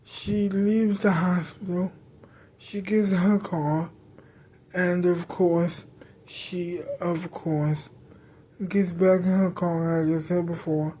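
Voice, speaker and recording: American woman rambling thru a made-up story, real slow, low and mellow voice. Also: little pitch movement, husky. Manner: rambling, restating lines. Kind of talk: improvised spoken story.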